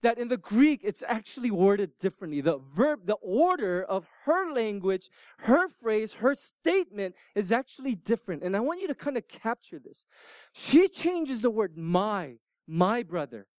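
Brief: middle-aged man, pastor giving a sermon, high voice, swings from emphatic to hushed, dry close mic. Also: moderate pace, no room sound. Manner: animated, emphatic preaching that drops to hushed, near-whispered moments.

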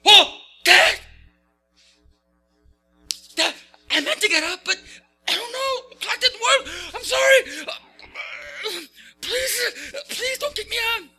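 A man's voice: very high-pitched, expressive, slow, vocal fry, pauses often, bright, forceful tone, faint music behind, pitched above the performer's own voice, full character voice. A man voicing a lazy older son who whines and then sobs as he pleads. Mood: sobbing. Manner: whining, sobbing pleas.

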